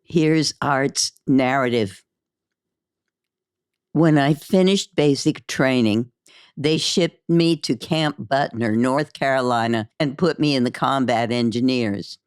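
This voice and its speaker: A woman's voice: extremely low pitch, takes it slowly, clean tone, no room sound. Woman reading a memoir, very dry. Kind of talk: audiobook-style memoir reading.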